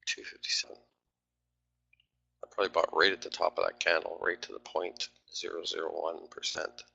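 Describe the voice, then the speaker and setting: A man's voice: low voice, monotone, a little fast, gravelly, pushed and bright, breathy edge, highs cut off. A man talking through live trades on a stream, grumbling and swearing at his trading platform.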